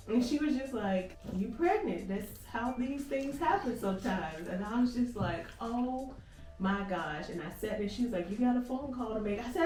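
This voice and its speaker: A woman vlogger, telling a lively story in casual chat and acting out each conversation. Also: on the high side, normal speed. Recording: echoey room, far from the mic, music behind.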